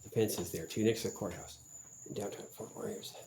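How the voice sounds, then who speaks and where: A man with a lowish, mellow voice talks in a meandering vlog monologue. He is profane and suspicious and keeps circling back with "um" and "like". Faint crickets chirp behind him. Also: steady tone, fairly quick, a little hiss or hum, low-quality recording. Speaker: vlogger. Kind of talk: rambling monologue.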